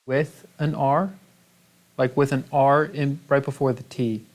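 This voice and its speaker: A man's voice: medium pitch, unhurried, a little mellow. Man reading chat with playful banter. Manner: reads viewer comments aloud, playful banter. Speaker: livestream co-host reading chat. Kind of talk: casual chat.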